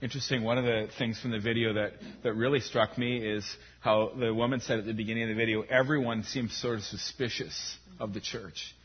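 A man's voice: mid-range voice, fairly even intonation, brisk, hardly any pauses, husky. A man hosting an interview at a church service, casual and joking, with lots of fillers. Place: church in metro Vancouver. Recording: dull lo-fi sound.

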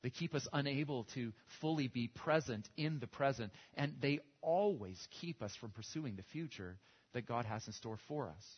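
Male pastor, husky middle voice, storytelling sermon, muffled recording. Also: mid-range voice, animated, moderate pace. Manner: storytelling, with small restarts and repetitions. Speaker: preacher. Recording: dull lo-fi recording.

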